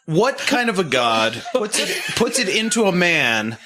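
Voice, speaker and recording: A man with a fairly high, lively voice speaks in a casual podcast chat. He swears and reacts with outrage. Clear noise sits under the recording. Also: measured pace.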